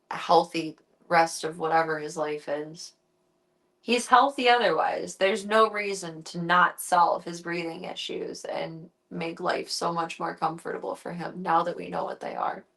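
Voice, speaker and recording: A woman's voice: lowish voice, moderate pace, creaky, fairly bright tone. Young woman chatting casually to her cat. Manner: talks baby talk to her cat between chat. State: tearful, close to crying. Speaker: streamer. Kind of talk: casual chat to her pet and viewers. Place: at home indoors. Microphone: handheld phone camera.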